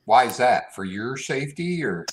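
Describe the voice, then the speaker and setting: A man's voice: mid-range voice, very animated, moderate pace. A man hosting a casual chat, laid-back, laughing along and passing the floor to others. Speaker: host.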